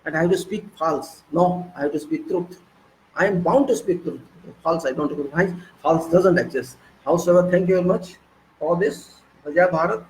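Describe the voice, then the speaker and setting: Speaking at a moderate pace in a fairly high voice, this Indian-accented man delivers a fiery political rant, hammering his points through repetition. The recording is rough, with a bit of background noise.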